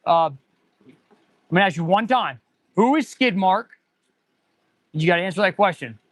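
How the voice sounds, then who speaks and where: A man's voice: high-pitched, expressive, moderate pace, fairly bright tone, no room sound. A man in his forties, an auto mechanic hosting a casual livestream, rambling and answering viewer chat as he goes. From United States.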